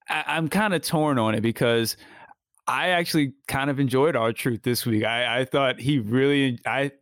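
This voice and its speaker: A man's voice: medium pitch, dry recording. A man co-hosts a laid-back wrestling podcast, rambling and restarting his sentences as he weighs his views. His mid-range voice sounds dry and close to the mic. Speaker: podcast co-host. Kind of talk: casual wrestling recap chat.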